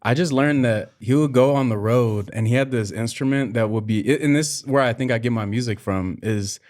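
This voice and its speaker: A young man in a casual podcast, talking at an ordinary pitch. He is excitable and playful, starting his sentences over as he rushes to share something. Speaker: podcast co-host.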